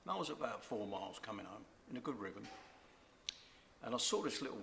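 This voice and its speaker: A man's voice: on the low side, big pitch swings, fairly quick, gravelly, bright, forceful tone, a little hiss or hum. An older man sharing a personal faith testimony, earnest and reflective, repeating key words. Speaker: church member giving testimony.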